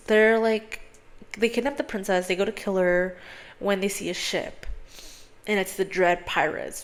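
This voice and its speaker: A young woman hosting a podcast, casually retelling a film's plot in a rambling way, full of "like" and swearing and acting out the characters. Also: mid-range voice. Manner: rambling, heavy on "like", frequent swearing; animated storyteller who acts out characters' lines. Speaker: podcast host.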